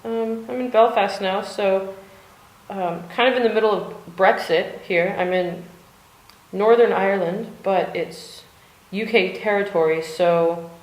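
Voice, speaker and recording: An American woman talking in a loose, rambling way, full of fillers and the occasional curse. Her voice sits at an ordinary middle pitch. The room around her is bare and echoey, like a chilly home art studio. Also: measured pace. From United States. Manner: chatty and rambling, swearing, with many fillers. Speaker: vlogger. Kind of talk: rambling casual chat.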